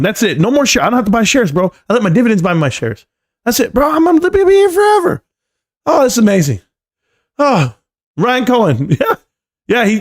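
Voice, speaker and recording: Animated joking man streaming live. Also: on the high side. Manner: joking, rambling, says "bro" constantly; standing at a desk while talking. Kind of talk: casual live stream chat.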